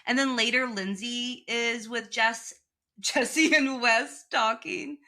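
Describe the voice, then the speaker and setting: A woman's voice: a little high, slow pace. A woman co-hosting a podcast, chatting casually and animatedly about a reality show, swearing freely. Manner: animated, quotes people in put-on voices, swears freely. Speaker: podcast co-host.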